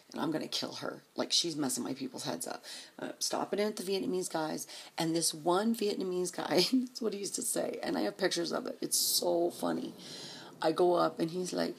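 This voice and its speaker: A woman's voice: deep voice, creaky, husky. A woman vlogger telling a rambling, profane story in a casual way, chuckling as she goes.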